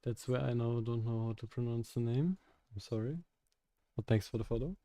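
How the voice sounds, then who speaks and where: Guy streaming while he codes, warm mellow voice, dry close sound, rambly and halting. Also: medium pitch, no room sound. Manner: halting, thinks aloud, laughs often. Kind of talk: casual live-stream chat while coding.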